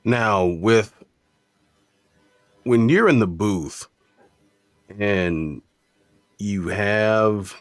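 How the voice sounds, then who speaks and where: A man hosting a podcast interview, halting and searching for his words. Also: lowish voice, animated, clean tone, dry recording, studio quality. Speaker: podcast host. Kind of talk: casual interview talk.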